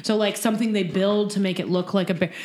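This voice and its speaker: A woman's voice: medium pitch, quick pace. A woman co-hosting a casual, profane chat, talking animatedly and often laughing as she speaks. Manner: animated, swears a lot, laughs while talking. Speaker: podcast co-host. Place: apartment.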